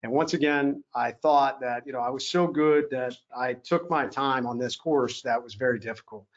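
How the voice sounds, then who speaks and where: A man's voice: medium pitch, normal speed. A man giving a motivational talk at an evening event, telling a personal story in an earnest way and acting out what officers said to him. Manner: earnest, acts out quoted officers. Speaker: keynote speaker. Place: event hall. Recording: slightly dull lo-fi sound.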